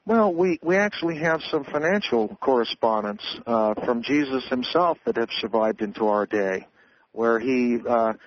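A man's voice: mid-range voice, lively intonation, normal speed, slight background noise. A man, an author, explaining his views in a radio interview in an earnest, lecturing way, often restarting his sentences. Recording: dull, dry radio audio.

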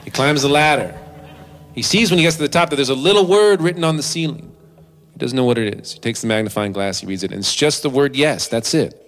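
A man performing live, telling a comic story between songs in an animated, self-deprecating way into a stage microphone. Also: mid-range voice, fast. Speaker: comedic musician performing live. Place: live venue with audience.

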